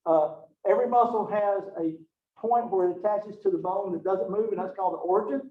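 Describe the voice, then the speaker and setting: A man giving a college biology lecture in a folksy, joking way, talking to his students with y'all and okay. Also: sits high. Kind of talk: recorded classroom lecture. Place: classroom. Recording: echoey classroom, distant, phone-like audio.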